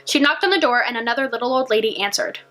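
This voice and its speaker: A woman library storyteller reading a fairy tale aloud in an animated, expressive way. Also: on the high side, quick pace, soft background music.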